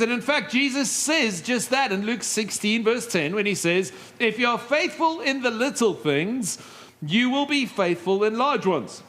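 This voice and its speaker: A middle-aged male pastor preaching a sermon, telling stories with lively asides and humor. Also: very high voice. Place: church stage.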